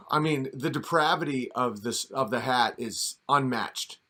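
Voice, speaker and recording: A man's voice: mid-range voice, slow, sharp tone. A man giving a mocking, sarcastic comedic commentary rant while reacting to a video.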